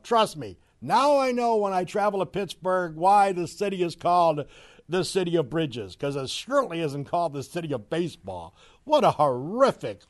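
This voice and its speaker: A middle-aged man delivers a fiery sports commentary rant. His slightly high voice swings wildly, dropping to sarcastic low mutters before bursting into mocking shouts.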